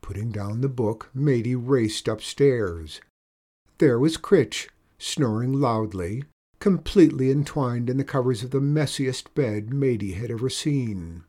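A man reading a children's story aloud in a steady, measured way. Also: medium pitch.

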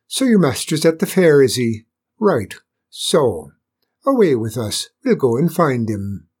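A man voicing a gentle boy. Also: mid-range voice, very animated, unhurried, husky. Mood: eager. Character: kindly Irish boy, gentle and eager.

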